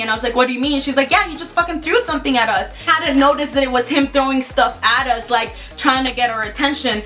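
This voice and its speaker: A young woman vlogger excitedly retelling a scary story, swearing freely and acting out the lines of the people in it. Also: high voice, fast talker, few pauses, faint music behind. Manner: excitable, swears a lot, quotes herself and others in acted voices. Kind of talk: storytime vlog, casual retelling.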